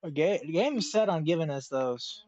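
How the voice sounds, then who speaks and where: A man giving slow, mumbled running commentary while streaming a video game from home. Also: on the high side, expressive, darkish tone, dull audio, a little hiss or hum. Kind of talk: casual live-stream commentary. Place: home room.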